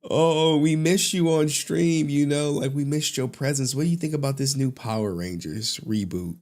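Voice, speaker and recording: A man's voice: on the high side, normal speed, darkish tone. A man hosting a stream, chatting casually, teasing his guest and laughing often. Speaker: stream host. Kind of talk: casual chat.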